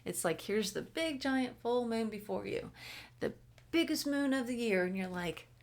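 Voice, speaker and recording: A woman's voice: on the high side, animated, moderate pace. A woman giving a casual spoken tarot reading, chatty and blunt, swearing freely and slipping into whispers. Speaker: tarot reader.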